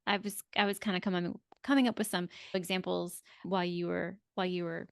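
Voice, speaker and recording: A woman's voice: lowish voice, fairly even intonation, a little fast, vocal fry, clean tone, dry recording, studio quality. A woman hosting a casual podcast interview, mostly giving brief affirmations and asking questions. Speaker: podcast host.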